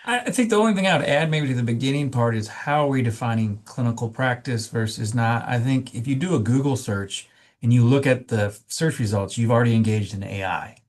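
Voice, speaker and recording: A man's voice: mid-range voice, brisk. A man on a committee talking casually and emphatically during a meeting discussion. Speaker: committee member.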